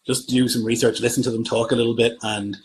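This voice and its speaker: A man's voice: medium pitch, little pitch movement, fast talker, a little hiss or hum, low-quality recording. A man from Germany who runs tabletop games, chatting casually on a livestream and thinking aloud as he answers viewer comments. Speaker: game master.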